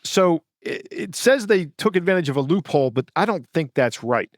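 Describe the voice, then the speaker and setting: A man's voice: fairly high pitch, animated, no echo. Dry-miked man co-hosting a podcast. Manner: halting, with frequent fillers and self-corrections. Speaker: podcast co-host. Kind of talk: casual podcast chat reading news stories.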